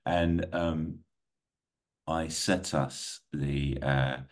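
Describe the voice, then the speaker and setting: A man's voice: very deep voice, steady tone, extremely slow. A man co-hosting a movie podcast, chatting casually and playfully, often laughing and joking. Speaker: podcast co-host.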